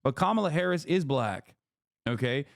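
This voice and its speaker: A man's voice: fairly high pitch, expressive, normal speed, gravelly, no room sound, studio quality. A man streaming live, giving casual, profane and sarcastic commentary on the news.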